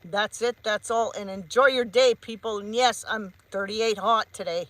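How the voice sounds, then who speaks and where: A woman's voice: mid-range voice, fairly even intonation, normal speed, a bit bright, no echo, poor audio. A woman, a psychic medium, giving a heated vlog rant and repeating her points emphatically. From Canada.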